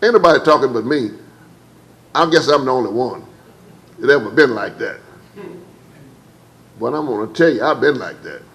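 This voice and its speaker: A man preaching a church sermon. He calls on the congregation to answer back, repeats and stammers over words, and leaps higher when he acts out quotes. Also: expressive, moderate pace, pauses often, fairly bright tone, low-quality recording. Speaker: pastor. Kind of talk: preached sermon with call-and-response. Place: church service.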